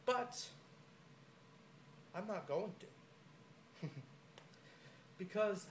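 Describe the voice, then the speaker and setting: A man's voice: sits high, expressive, very slow, a little hiss or hum. A young man with a cold delivering a scornful, rambling trash-talk promo. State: has a cold.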